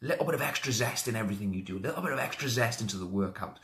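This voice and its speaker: Upbeat man with a low voice. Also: very fast, few pauses. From Wales. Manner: upbeat, energetic, greets viewers by name. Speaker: motivational coach. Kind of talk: live social media video.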